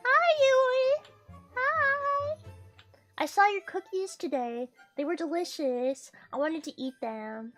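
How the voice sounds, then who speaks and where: A woman's voice: very high voice, takes it slowly, fairly bright tone, soft background music. A woman streaming a game, chatting casually, swearing freely and laughing often. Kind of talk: casual gaming stream chat.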